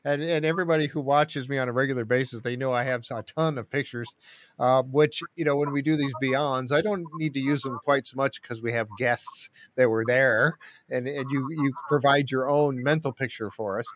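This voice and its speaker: A man hosting an interview, upbeat and quick to laugh as he asks his questions. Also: mid-range voice, fairly even intonation, a bit bright, no room sound. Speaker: host.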